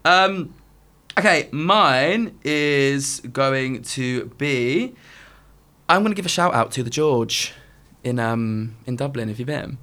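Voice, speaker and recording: A man's voice: lively intonation, slow pace, bright, forceful tone. A man co-hosting a casual chat podcast, gossipy, often laughing and quoting people. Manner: gossipy, laughs often, quotes people in high put-on voices. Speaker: podcast co-host.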